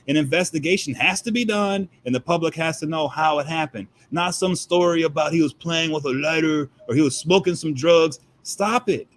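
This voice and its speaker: A man talking as a guest commentator in heated political commentary, emphatic and firing off rhetorical questions. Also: fairly high pitch.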